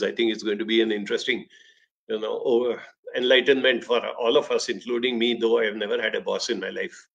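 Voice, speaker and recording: A man tells stories in an emphatic, conversational way while giving a motivational talk. His voice is gravelly and sits at a middle pitch. The recording sounds dull and lo-fi. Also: fairly bright tone. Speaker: speaker, talk host.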